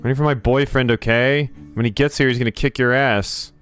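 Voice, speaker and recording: A man's voice: lowish voice, fairly quick, smooth, soft background music, lightly acted. A man voicing a sullen, rude teenage halfling girl in a video game, with a snappy, defiant manner. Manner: snappy, eye-rolling, defiant. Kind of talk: reading game dialogue aloud.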